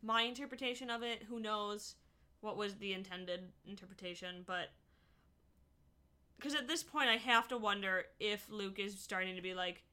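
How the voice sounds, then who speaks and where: A young woman co-hosting a casual chat, thoughtful and quick to chime in. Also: mid-range voice, bright, forceful tone, smooth.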